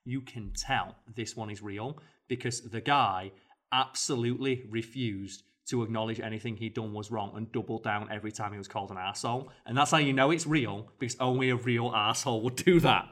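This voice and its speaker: A man's voice: mid-range voice, a little fast, a bit bright. A man, co-hosting a podcast, telling a story animatedly with quoted voices. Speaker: podcast co-host. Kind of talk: casual chat.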